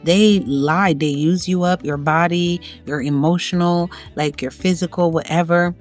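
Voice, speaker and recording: A woman's voice: on the low side, fairly even intonation, a little slow, soft background music. Emphatic woman giving preachy life advice. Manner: emphatic, preachy, repeats key phrases, acts out inner voices. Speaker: self-help vlogger. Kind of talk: motivational advice monologue.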